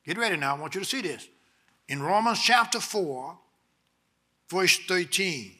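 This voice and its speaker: Male pastor, high bright voice, preaches call-and-response, drops low to teach and rises loud to exhort. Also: lively intonation, unhurried. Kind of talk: sermon.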